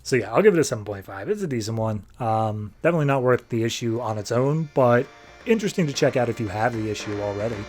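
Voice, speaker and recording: A man hosting a podcast, casually reviewing and recapping comics in a chatty, filler-heavy way, slipping into quick offhand character voices. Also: mid-range voice, lively intonation, music in the background.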